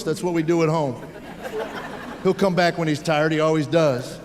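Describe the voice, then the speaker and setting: High-voiced stand-up comic in a reverberant hall. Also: male voice, moderate pace, a little hiss or hum. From United States. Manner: wry storytelling with acted-out voices. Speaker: stand-up comedian. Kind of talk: stand-up comedy set. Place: theater stage before a live audience. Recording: live hall with audience laughter.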